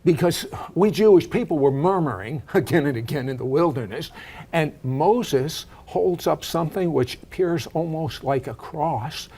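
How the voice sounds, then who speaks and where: An older man hosts a talk show, summing up his guest's story with earnest emphasis. His voice runs a little high for a man. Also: normal speed, dark tone, slightly rough.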